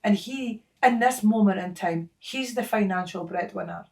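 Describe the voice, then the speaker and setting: A woman's voice: medium pitch, normal speed, creaky, a little mellow. A middle-aged Scottish woman talking in an interview, blunt and bawdy, laughing at her own jokes. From Scotland. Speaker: guest. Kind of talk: candid interview talk.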